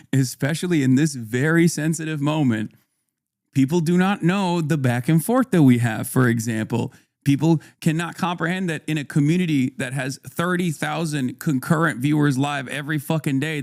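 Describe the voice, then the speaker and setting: A man's voice: fairly high pitch, gravelly, dry recording, clean studio sound. A man streaming live and talking casually to his chat, profane and conversational, reading viewer comments aloud and arguing back. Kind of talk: casual livestream talk to chat.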